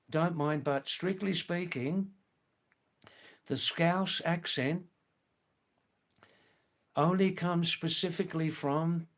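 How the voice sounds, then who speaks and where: An older man from England, hosting a live stream, chatting casually with viewers in a slow, rambling way full of hesitant fillers. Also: a little high. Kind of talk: casual live chat reading viewer comments.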